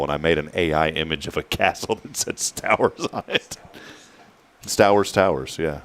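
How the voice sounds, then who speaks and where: A man's voice: sits low, moderate pace. A man hosting a morning talk show, chatting casually and jokingly, drawing out key words.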